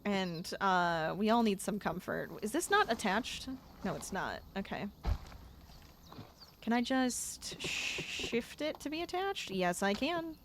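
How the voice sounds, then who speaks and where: A young adult woman streams a game, chatting with viewers and getting exasperated as she plays. Her medium-pitched voice is very animated but slow-paced, and there's a little hiss or hum.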